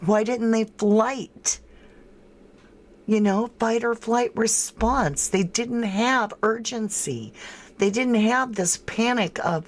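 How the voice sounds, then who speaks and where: A woman's voice: a little high, takes it slowly. A woman hosting a true crime livestream in casual commentary, thinking aloud and answering viewers' chat comments by name with frank disbelief.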